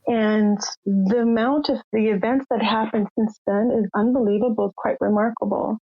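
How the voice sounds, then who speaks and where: Her voice is a little high and steady with a breathy edge, moving at a moderate pace. She's an older woman from Canada on a podcast, emotionally and openly telling her own story and imitating the people in it. The audio is lo-fi, muffled and dry.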